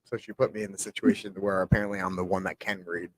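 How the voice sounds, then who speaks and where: A young man co-hosting a casual sports podcast, gruff and exasperated, swearing casually. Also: sits low, flat delivery, quick pace. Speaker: podcast co-host.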